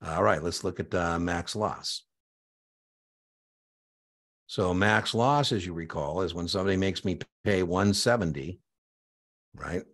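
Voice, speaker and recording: A man teaching exam prep in a live online lecture, energetic and conversational, punctuating his points with "boom.". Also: unhurried, pauses often.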